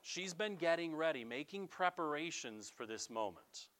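A male pastor preaches in a loose, conversational way, turning often to speak straight to his listeners. His voice sits a little high for a man and swings widely in pitch. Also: moderate pace. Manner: conversational, animated, addresses listeners directly. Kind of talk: sermon.

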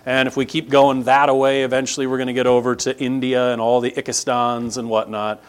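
A man's voice: medium pitch, level tone, a little fast. Chatty man teaching a Bible lesson. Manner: conversational, checks in with "right?" and leans on emphasis. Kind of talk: casual scripture lesson with a map.

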